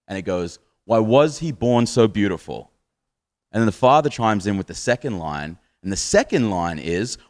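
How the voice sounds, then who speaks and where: A man in his thirties with an Australian accent, performing a crude, rambling stand-up set on a live stage and chuckling at his own jokes. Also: mid-range voice. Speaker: stand-up comedian.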